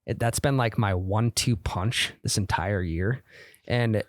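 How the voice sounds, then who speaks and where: A man's voice: lowish voice, a little slow, dry recording, clean studio sound. A young man co-hosting a golf podcast, chatting loosely and slipping into sponsor-read patter. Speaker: podcast co-host. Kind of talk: casual chat with ad reads.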